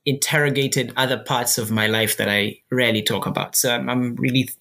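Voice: mid-range voice, steady tone, fairly quick, bright, forceful tone. A guest from Uganda, chatting in an interview and explaining things step by step with frequent restarts. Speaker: guest, filmmaker. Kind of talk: casual interview chat.

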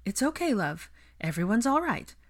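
A woman's voice: low voice, very animated, fairly quick. A woman doing an earnest, anxious young witch. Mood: concerned.

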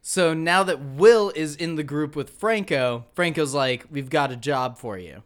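A man co-hosting a podcast, excitedly retelling a movie plot and swearing casually. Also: a little high, measured pace. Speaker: podcast co-host. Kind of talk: casual movie recap chat.

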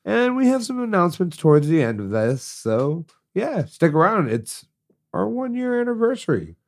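A man's voice: sits high, very animated, moderate pace, creaky. A stuffed-up man co-hosting a podcast, chatting casually and teasing his co-host. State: congested. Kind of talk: casual chat.

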